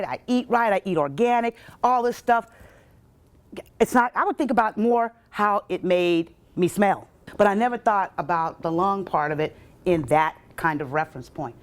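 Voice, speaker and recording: Woman stand-up comedian, lively onstage delivery, bantering with the audience. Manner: animated, jumps into quoted voices with sharp pitch leaps; banters directly with audience members. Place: college event stage before a live audience.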